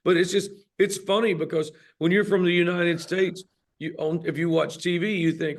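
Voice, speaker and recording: Laid-back southern guy chatting in an interview, voice a bit high. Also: fairly even intonation, moderate pace. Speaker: touring band musician, guest. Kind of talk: casual interview chat.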